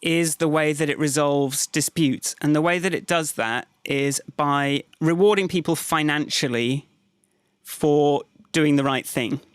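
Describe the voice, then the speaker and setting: A man's voice: fairly high pitch, unhurried, smooth, no room sound. Man explaining things in a dry close voice. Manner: explanatory, hedging with "kind of". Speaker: podcast co-host. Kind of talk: casual chat.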